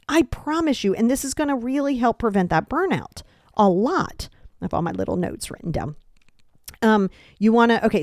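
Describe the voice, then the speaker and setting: A young adult woman hosting a podcast, giving blunt, animated self-help advice in a casual way with mild swearing. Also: mid-range voice, dry recording, clean studio sound. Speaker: podcast host. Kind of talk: casual motivational talk.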